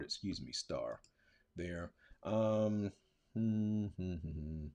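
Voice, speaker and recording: A man's voice: deep voice, lively intonation, extremely slow, dark tone. A middle-aged man teaching, walking through a lesson in a casual, thinking-aloud way, with filler words and slang. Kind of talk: screen-recorded classroom tutorial.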